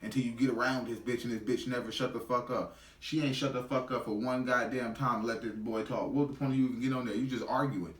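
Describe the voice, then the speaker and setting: A man's voice: mid-range voice, steady tone, fast, hardly any pauses, echoey room, far from the mic. A man giving a heated, profane reaction commentary in blunt street slang.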